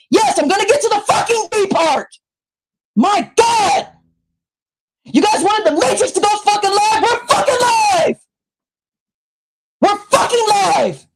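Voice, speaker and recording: A woman with a high voice rants on her live stream into a new microphone. She is heated and profane and often breaks into shouts. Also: rough recording. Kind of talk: angry live-stream rant. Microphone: new desktop microphone.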